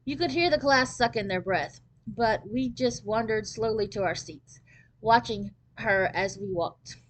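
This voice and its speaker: A woman's voice: fairly high pitch, unhurried, rough recording. A woman reading a children's novel aloud, narrating steadily and expressively in the first person. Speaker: storybook reader.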